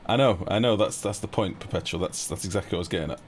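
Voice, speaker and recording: A man's voice: deep voice, very fast, a little hiss or hum. A man live-streaming a game, joking and teasing his chat in playful banter.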